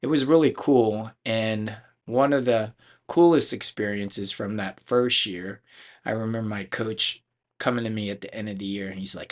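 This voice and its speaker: A middle-aged man from Philadelphia, a karate school owner and chief instructor, tells stories from his life in a casual podcast interview. His voice sits low, and he rambles along with frequent restarts and fillers. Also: normal speed. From Philadelphia, United States.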